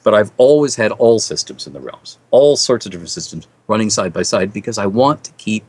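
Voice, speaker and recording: Lively low-voiced middle-aged man. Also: brisk, husky, dry recording. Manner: animated storyteller, lively and chuckling. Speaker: fantasy author interviewed as guest. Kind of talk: casual interview answers.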